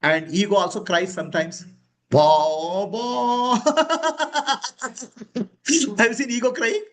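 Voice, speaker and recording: A man's voice: extremely high pitch, slow pace. A man giving a spiritual discourse to students, emphatic and questioning, chuckling often. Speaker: spiritual teacher.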